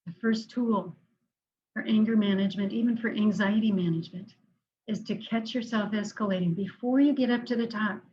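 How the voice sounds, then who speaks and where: A woman counselor giving a calm, instructive talk on managing anger, slowing down to guide breathing exercises. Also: medium pitch, lo-fi sound.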